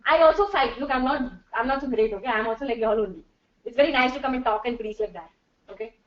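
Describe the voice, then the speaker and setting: A woman's voice: on the high side, fast. A middle-aged woman giving a chatty workshop talk to a live audience as a corporate trainer, slipping into Hindi and laughing often. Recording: distant, dull, echoey room.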